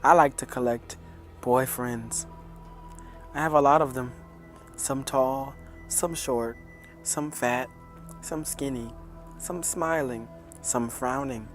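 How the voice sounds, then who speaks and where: A man narrating a horror story in a calm, measured reading. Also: medium pitch, soft background music.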